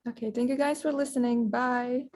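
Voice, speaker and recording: A woman's voice: fairly high pitch, steady tone, moderate pace. A young woman hosting a student podcast, chatting casually with lots of "like" fillers. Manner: casual, filler-heavy with many "like"s.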